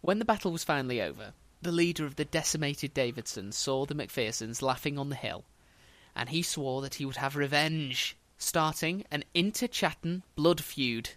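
A man's voice: fairly high pitch, animated, normal speed, a bit bright, no room sound. A man hosting a podcast, telling history as a casual story with dry, wry humour.

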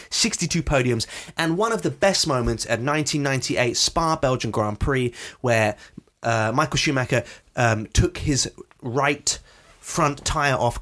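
A man co-hosting a podcast in casual chat. He talks in a chatty, playful way and slips into quick voices when he tells stories. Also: mid-range voice, a bit bright. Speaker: podcast co-host.

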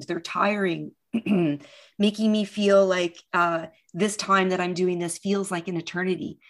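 A middle-aged woman in casual conversation, speaking with emotion, often halting and restarting with fillers. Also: mid-range voice, a bit bright.

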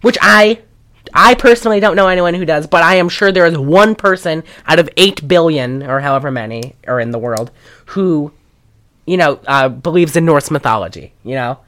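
A woman co-hosting a casual comedy recap, animated and sarcastic, swearing freely. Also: low-pitched, moderate pace. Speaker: podcast co-host recapping a film.

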